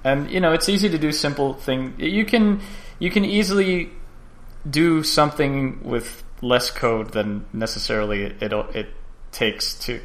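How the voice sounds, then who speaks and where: A man's voice: a little high, a little slow. A man co-hosting a podcast, chatting casually and often stumbling over his words. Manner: stumbling, repeats words, trails off. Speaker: podcast co-host. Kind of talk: casual chat.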